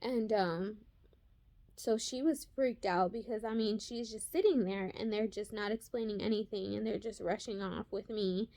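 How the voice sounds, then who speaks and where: A woman's voice: mid-range voice, gravelly, mellow. A young woman vlogger telling the story of her son's birth in a casual, emotional way, full of fillers. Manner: emotional, fast-paced retelling with many fillers.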